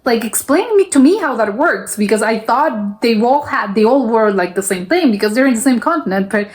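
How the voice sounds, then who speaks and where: A young woman from South America hosting a reaction video, chatting in a loose, animated way and restarting her sentences often with many fillers. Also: fairly high pitch, fairly quick. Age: young adult. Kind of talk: casual chat reacting to a video.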